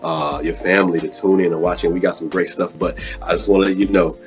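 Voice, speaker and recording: Speaking fast in a low voice, another live web show host spins a casual story with soft music playing behind him. He animates it by performing the quoted lines, and "man" turns up in almost every sentence.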